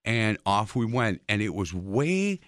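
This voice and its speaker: A man hosting an interview, telling a lively story with stammered restarts. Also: on the low side, slow, dry recording, clean studio sound. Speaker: host.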